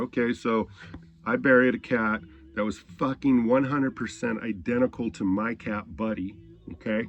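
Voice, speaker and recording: Man, gravelly voice, rambling and profane, casual storytelling, dull lo-fi sound. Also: medium pitch, moderate pace. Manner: rambling, profane, laid-back. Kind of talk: casual spoken anecdote.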